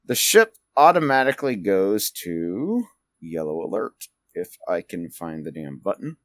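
A man's voice: low-pitched, very animated, measured pace, no echo. Male game master, rambling and full of fillers, close dry mic. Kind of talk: narrating a tabletop game.

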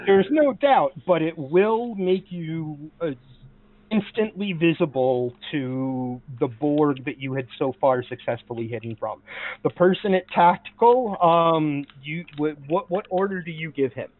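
A man's voice: on the high side, animated, unhurried, no echo. A man guides players through a tabletop game, thinking aloud with fillers, restarts and loose asides. His voice comes through a tinny, phone-like line, and it sounds dry and close, with no room around it. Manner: meandering, full of fillers and restarts. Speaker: game master. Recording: tinny call audio, dry.

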